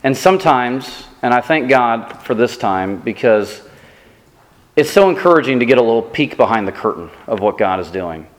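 A man preaching a sermon as pastor, telling self-deprecating stories in a lively, animated way. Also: mid-range voice, normal speed, big-room sound.

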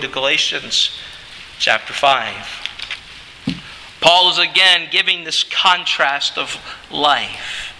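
A male pastor preaching slowly and deliberately, drawing out key words and swinging his pitch sharply up and down. His voice is high and very bright, and it rings with the long reverb of a hall. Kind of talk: sermon.

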